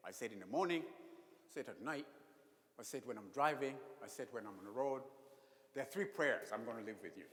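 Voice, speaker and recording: Lively priest preaching in an echoey church. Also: male voice, medium pitch. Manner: expressive preacher, drops to whispered prayers. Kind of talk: sermon. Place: church sanctuary.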